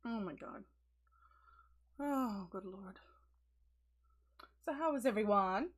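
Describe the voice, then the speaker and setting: A woman's voice: darkish tone, slightly rough. A woman hosting a casual livestream, chatting and giggling often and cooing at her pets. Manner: giggly, coos at her pets in a high baby voice. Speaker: livestream host.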